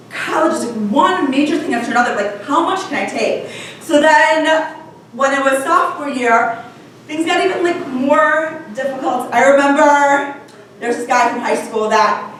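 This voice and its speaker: Chatty high-voiced woman storyteller, far from the mic in a very echoey room. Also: fairly bright tone. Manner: chatty, with "like" and "literally" often. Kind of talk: live personal storytelling. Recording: echoey hall from far off, faint noise.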